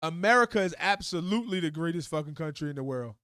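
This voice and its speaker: A man's voice: fairly high pitch, animated, quick pace, pushed and bright, smooth, no echo, clean studio sound. A man hosting a live stream, giving blunt, heated commentary full of swearing. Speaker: livestream host. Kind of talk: profane live commentary rant.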